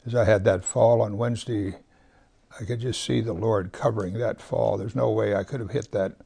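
A man with a gravelly edge to his voice, teaching scripture in an unhurried way. He leans hard on the words of each verse he reads aloud and lets his voice sink almost to a whisper for quiet moments. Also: on the low side, fairly even intonation. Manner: reads scripture slowly with heavy emphasis; drops to a near whisper at times. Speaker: pastor. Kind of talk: Bible teaching.

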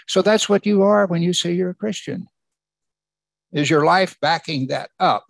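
A man's voice: high-pitched, normal speed, gravelly, no echo. A man preaching a sermon as pastor, emphatic and asking the congregation rhetorical questions.

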